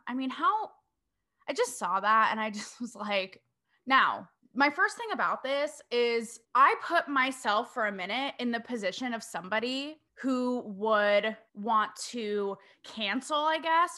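Woman from New England, podcast host, emphatic commentary, lively swinging pitch, fairly high voice. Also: measured pace. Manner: animated, emphatic, talks straight to listeners. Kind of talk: opinion commentary monologue.

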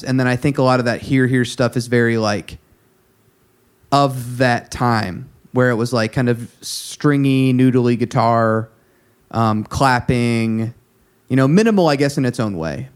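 In clean, slightly dark tones at medium pitch, a male podcast co-host chats casually about music. He rambles, with plenty of fillers and restarts.

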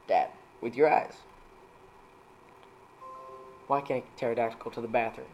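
A man's voice: fairly even intonation, quick pace, darkish tone, lo-fi sound, slight background noise. Playful man reading dad jokes. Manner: playful, laughs at own jokes, jumps into higher voices for punchlines.

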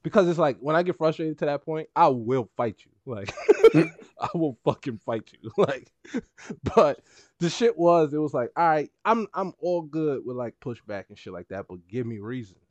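A man's voice: on the high side, animated, normal speed, darkish tone, no echo, muffled recording. A man co-hosting a podcast, telling a story in casual banter, emphatic and heated, with swearing and laughter. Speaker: podcast co-host.

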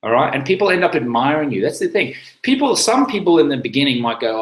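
A man's voice: a little high, very animated, fast talker, roomy sound, low-quality recording. A man hosting a live chat, telling a personal story in a rambling, casual way with many fillers and restarts. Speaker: livestream host.

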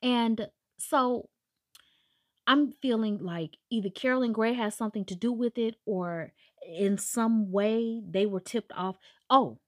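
A woman casually retelling a book's plot to her viewers, animated and chatty, slipping into the characters' lines as she goes. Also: medium pitch, no room sound, clean studio sound. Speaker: book recap vlogger. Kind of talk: casual storytelling recap.

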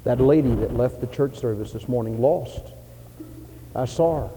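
A man preaching a sermon in a church, in an old-fashioned revival cadence, rising to loud fervent cries and dropping to soft pleas. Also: medium pitch, normal speed, in a large hall, a little hiss or hum, rough recording. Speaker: pastor. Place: church sanctuary.

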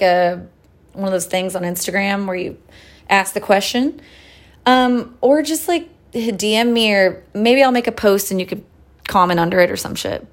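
A woman in her late twenties hosting a solo podcast, talking loosely and profanely with lots of fillers, relaxed as she sips tea between thoughts. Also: mid-range voice. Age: late 20s. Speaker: podcast host. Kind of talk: casual solo chat.

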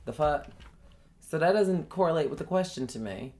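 Female podcast co-host, deep voice, frank, casually profane, opinionated. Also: animated, moderate pace, a little mellow, slight background noise.

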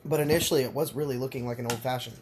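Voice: mid-range voice, fairly even intonation, racing, noisy background. A podcast host giving a casual, exclamation-filled reaction commentary, laughing and repeating phrases. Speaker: podcast host reacting to a short horror film.

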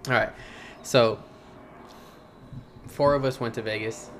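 A woman's voice: rumbling low, steady tone, slow, slight background noise. A woman hosting a podcast, chatting casually in a laid-back, reassuring way. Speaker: podcast host. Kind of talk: casual chat.

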